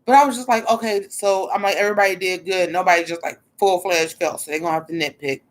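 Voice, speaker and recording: A woman's voice: fairly low pitch, fairly even intonation, quick pace. A woman giving blunt, casual livestream commentary on a drag show, talking expressively, swearing freely and answering her chat as she goes.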